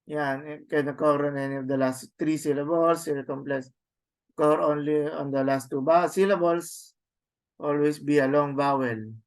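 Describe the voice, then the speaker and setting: A man teaching a class, slowly sounding out words and repeating them with tag questions. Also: fairly high pitch, steady tone, clean tone. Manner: slow, repetitive drilling with tag questions. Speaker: Greek teacher. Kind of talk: classroom lesson, reading words aloud.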